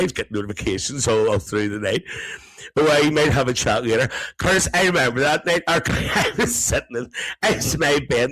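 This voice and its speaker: A man's voice: medium pitch, fairly bright tone, rough recording. A man playing a gossipy, cheeky older auntie who hosts a live comedy stream, chatting and teasing the viewers and laughing between lines.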